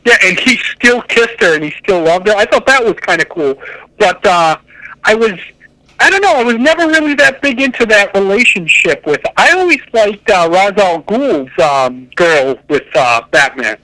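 A man's voice: high voice, animated, normal speed, bright, forceful tone, no echo, low-quality recording. A man chatting casually about comics, enthusiastic and rambling, often correcting himself mid-sentence. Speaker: podcast co-host.

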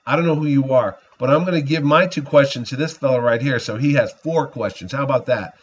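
A man's voice: mid-range voice, brisk, a little hiss or hum. A middle-aged man hosting a podcast, telling a story in a casual way and acting out both sides of each conversation. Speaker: podcast host. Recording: dull lo-fi recording.

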